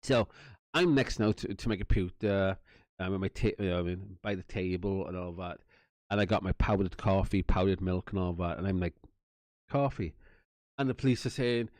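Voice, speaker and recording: A Welsh man talks through a long story at his own loose pace, swearing, laughing and acting out everyone's lines. His voice sits in a middle pitch. The sound is dry and close, with no room around it. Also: lively intonation, a little fast, a little mellow, dry recording. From Wales. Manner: rambling, swearing, laughs often, acts out quotes. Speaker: channel host telling a story. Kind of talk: casual storytelling monologue.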